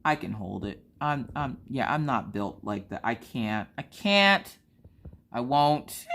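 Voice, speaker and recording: A woman's voice: deep voice, measured pace. Casting note: woman in her 30s, chatty storyteller who jumps into her kids' voices. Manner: animated, acts out family members' voices. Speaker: vlogger. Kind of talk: casual storytelling chat.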